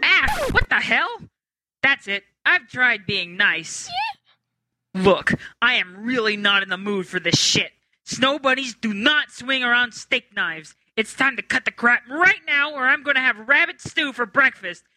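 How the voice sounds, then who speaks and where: A woman's voice: on the high side, sing-song, unhurried, sharp tone, a little hiss or hum, exaggerated voice. A woman voicing a grumpy, foul-mouthed young woman who talks sarcastically and irritably. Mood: exasperated.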